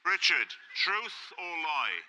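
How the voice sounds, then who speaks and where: A man hosting a panel show in a brisk, teasing way. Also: high voice, very animated, bright, forceful tone, slight background noise, poor audio. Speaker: host.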